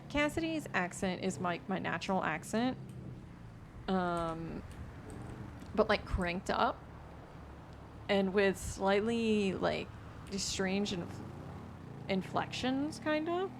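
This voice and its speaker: A woman's voice: medium pitch, expressive, very slow, long pauses, a little hiss or hum. A young woman from the American South chatting casually on a stream, rambling with lots of fillers and restarts.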